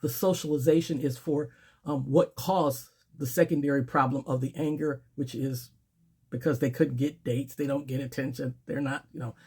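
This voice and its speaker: Husky middle-aged woman giving dating advice. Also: rumbling low, fairly even intonation, normal speed, darkish tone. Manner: keeps checking in with "okay?" and "all right?"; dismissive "blah, blah" asides. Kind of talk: casual advice monologue to camera.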